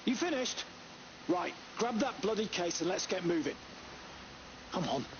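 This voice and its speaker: A brusque, impatient English husband. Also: male voice, high voice, very animated, a little slow, highs cut off, heavily acted. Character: gruff impatient husband in a hurry. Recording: distant hissy tape recording.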